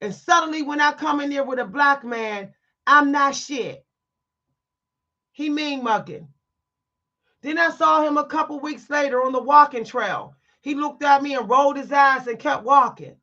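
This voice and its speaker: A woman's voice: sits high, normal speed, pushed and bright, lo-fi sound. A woman telling a story to her viewers in a blunt, emphatic, preachy way, stressing her words. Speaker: vlogger. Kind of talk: candid storytime monologue to viewers.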